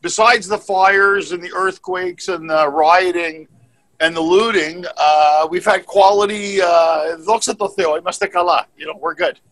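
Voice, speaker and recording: A stand-up comedian from Canada tells his story in a rambling, self-mocking way. His voice is bright and a little high for a man. He comes through a video-call mic. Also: fairly even intonation, takes it slowly. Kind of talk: casual panel chat.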